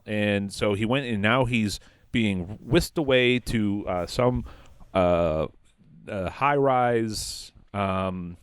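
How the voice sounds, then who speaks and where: Rambling male comedy podcaster, lively pitch. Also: dry recording. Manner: rambling with frequent fillers and quick quoted voices. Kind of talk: improvised comic storytelling.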